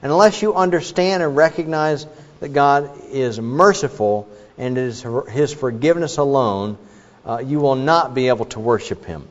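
Middle-aged male preacher, mid-pitched, earnest storytelling, dull lo-fi hall recording. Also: normal speed. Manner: earnest, with many fillers and illustrations. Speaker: pastor. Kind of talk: sermon.

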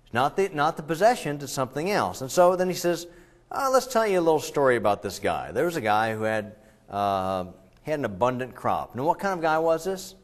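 A man preaching a sermon in a church, talking with the congregation, asking them questions and swinging between loud and quiet delivery. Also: on the high side, very animated, fairly quick. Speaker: pastor.

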